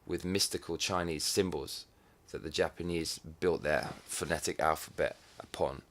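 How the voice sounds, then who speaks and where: Very deep-voiced profane man from England. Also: normal speed. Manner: profane and sardonic, with swings in loudness. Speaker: vlogger. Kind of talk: casual comic monologue.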